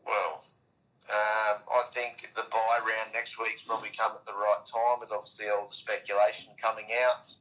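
A man's voice: fairly low pitch, little pitch movement, moderate pace, pushed and bright, rough recording. A man co-hosting a casual sports chat, laid-back and hedging. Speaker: co-host.

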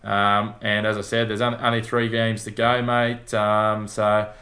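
A man with an Australian accent co-hosts a casual sports podcast, speaking a little slowly in a lowish voice. He's relaxed and matey, rambling along with lots of fillers.

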